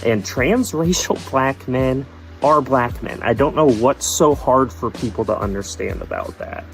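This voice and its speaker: A man's voice: medium pitch, big pitch swings, a little slow, gravelly, fairly bright tone, exaggerated voice, poor audio. A man playing a self-righteous, whiny vlogger in a satirical sketch, sounding mock-aggrieved and indignant, with faint music underneath.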